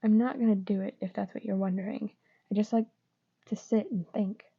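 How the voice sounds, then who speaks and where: A woman's voice: medium pitch, steady tone, brisk, gravelly, slightly rough. A woman voicing Harry Potter, gloomy teenage boy. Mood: guarded. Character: troubled teenage boy wizard, guarded and self-blaming. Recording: dull lo-fi recording.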